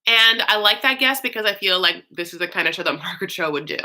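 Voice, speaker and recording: A woman hosting a casual chat, talking loosely with many fillers and swinging between high and low. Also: lively intonation, quick pace, bright, forceful tone. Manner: chatty, swoops high and low, frequent fillers; campy, calls listeners honey. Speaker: host.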